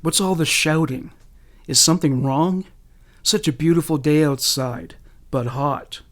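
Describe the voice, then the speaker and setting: A man's voice: fairly high pitch, a little slow, close to an everyday voice. A man voicing a father who asks breezy, probing questions with a hidden menace. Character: jovial father masking menace.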